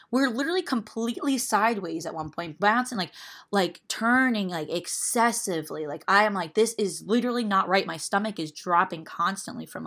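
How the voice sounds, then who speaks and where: Chatty young woman telling a story. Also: mid-range voice. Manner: animated, full of "like" fillers. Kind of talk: casual podcast storytelling.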